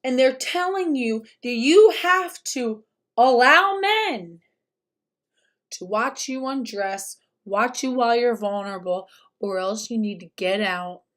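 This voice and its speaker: A woman host giving impassioned, fast-talking commentary over video clips. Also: fairly high pitch, animated, fairly bright tone.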